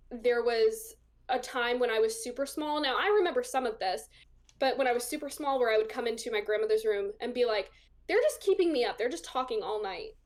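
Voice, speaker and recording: A young woman, a guest on an interview show, chatting casually through a personal story with lots of ums and likes. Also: fairly high pitch. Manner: chatty, full of ums and likes, laughs often.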